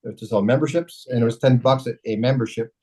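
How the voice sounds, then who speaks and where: Fast-talking middle-aged man telling stories. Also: mid-range voice, husky, rough recording. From Canada. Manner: rambling, self-correcting, animated storyteller. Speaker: mayor, interview guest. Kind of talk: casual storytelling interview.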